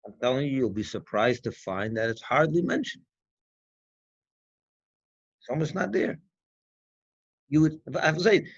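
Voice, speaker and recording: A man's fairly high voice with a lilt, talking through a teaching session in a loose, conversational way. He keeps firing off rhetorical questions and circling back to restart his thoughts. The recording sounds dull and dry. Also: creaky, husky, dry recording. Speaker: rabbi. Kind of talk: farbrengen talk.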